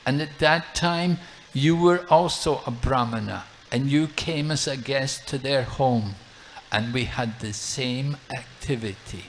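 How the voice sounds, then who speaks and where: A man voicing a divine boy who calmly questions and confides in a priest during a told story. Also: medium pitch, a little slow, a little hiss or hum, lightly acted. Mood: confiding. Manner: questioning, then hushed and confiding. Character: divine boy, calm and gently reproving.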